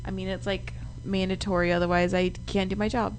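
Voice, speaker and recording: A woman radio co-host teaching a short Spanish segment, speaking slowly and carefully with frequent giggles. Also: medium pitch, little pitch movement, a little hiss or hum, low-quality recording. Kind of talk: casual radio chat. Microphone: studio microphone.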